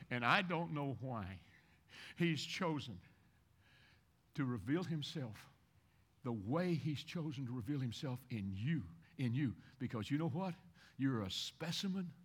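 A male pastor from Kentucky preaching a sermon, swinging from loud exhortation to hushed, intimate passages and repeating phrases for emphasis. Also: medium pitch, slightly rough.

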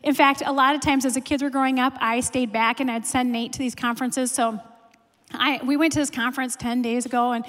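A woman's voice: sits high, fairly even intonation, fairly quick, a bit bright. A woman in her forties giving a sermon, telling stories in a chatty, self-deprecating way with many fillers. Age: 40s. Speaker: pastor's wife preaching. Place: church hall. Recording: long hall reverb.

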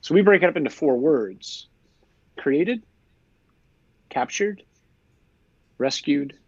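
A man who is a priest, explaining his faith in a lively conversational way, full of rhetorical questions. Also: fairly high pitch, slow pace, breathy edge, no room sound, muffled recording. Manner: animated storyteller, rhetorical questions. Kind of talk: conversational teaching.

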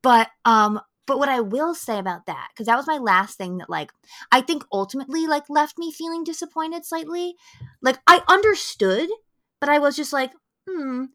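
Female podcast co-host, bright tone, animated casual chat, salty language. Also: high-pitched, normal speed. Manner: animated, swears freely, acts out quotes.

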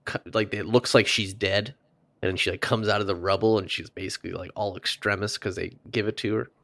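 A man's voice: on the low side, steady tone, brisk, vocal fry, fairly bright tone, dry recording. A man co-hosting a podcast, casually recapping a TV episode from his notes with loose, laughing asides. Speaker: podcast co-host.

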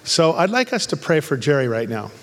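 A male pastor preaches from the pulpit, swinging from joking travel stories into fervent, angry appeals for healing. His voice sits a little high for a man. The sound rings with the long reverb of a church hall. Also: sing-song, fairly quick. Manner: humorous storytelling turning to fervent, angry exhortation. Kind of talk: sermon.

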